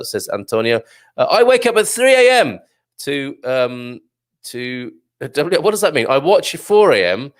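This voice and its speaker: A man hosting a live morning show, reading out viewer comments in a chatty, jokey way, full of fillers and laughs. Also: on the low side. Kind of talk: casual live chat.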